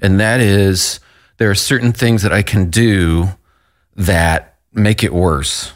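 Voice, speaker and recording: A man co-hosting a Christian radio show, talking in a halting, earnest way and stammering a bit as he shares his own experience. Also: low-pitched, steady tone. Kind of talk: casual devotional chat.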